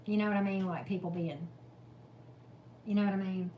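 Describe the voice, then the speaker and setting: A woman's voice: medium pitch, steady tone, moderate pace, dull audio, slight background noise. A woman hosting a casual tarot live stream, chatting with viewers and coaxing her dog with sing-song calls. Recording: roomy echo.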